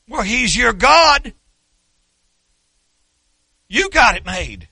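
Older man from Oklahoma, preacher. High, raspy, piercing tone, dry close sound. Folksy storyteller who works up to shouting. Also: very animated, very slow, long pauses, no room sound. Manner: rambling folksy asides, building to loud shouting. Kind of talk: sermon.

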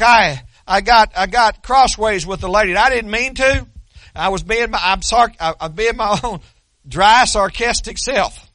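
Male pastor, sermon, high bright voice, folksy dry humor, dry close recording. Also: no echo. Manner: folksy storytelling with dry self-deprecating humor; repeats and restarts words.

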